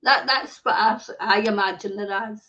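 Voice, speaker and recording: Speaking at mid-range pitch with fairly even intonation, this Scottish livestream host sounds pushed and bright at a normal pace. She rants angrily, swears constantly, and reads out viewer comments over dull, lo-fi audio.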